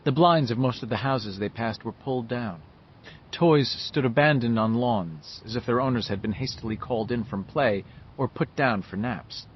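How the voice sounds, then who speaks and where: A man reading a novel aloud as scripted narration, telling the story in a measured, lively way. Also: mid-range voice, highs cut off, a little hiss or hum. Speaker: audiobook narrator.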